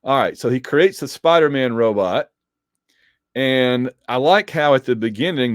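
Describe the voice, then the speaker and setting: A man casually reviewing a comic book issue, animated and digressive, with joking asides. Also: mid-range voice, no room sound, clean studio sound. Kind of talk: casual commentary.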